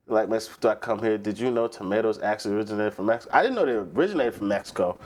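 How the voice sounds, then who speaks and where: A man from the East Coast US with a fairly low voice hosts a relaxed live stream. He talks casually and profanely, riffing on topics and answering his chat as he goes. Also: racing, few pauses. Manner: profane, animated, rants and reads chat aloud. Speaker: livestream host.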